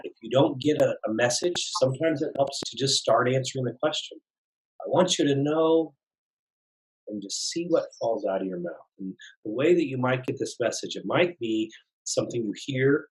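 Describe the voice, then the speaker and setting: A man teaching a somatic dialogue practice in a calm, gentle, explanatory way. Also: medium pitch, a little fast, poor audio. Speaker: somatic facilitator. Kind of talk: guided teaching talk.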